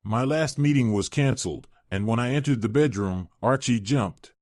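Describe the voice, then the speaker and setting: A man reading a scripted story in a steady narrating manner. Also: mid-range voice, normal speed, few pauses, dry recording, studio quality.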